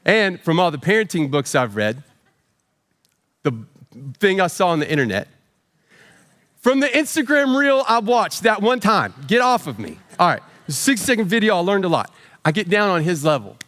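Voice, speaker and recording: A man in his forties, a pastor preaching a storytelling sermon with self-deprecating humor and animated voices for quotes. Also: sits high, normal speed, pauses often, big-room sound. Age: 40s.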